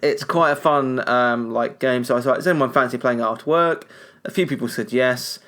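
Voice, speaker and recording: A man co-hosting a podcast after a few drinks, his words a touch slurred. He rambles loosely and chattily in an ordinary middle-pitched voice. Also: fairly quick, a bit bright. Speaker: podcast co-host. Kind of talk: casual podcast chat.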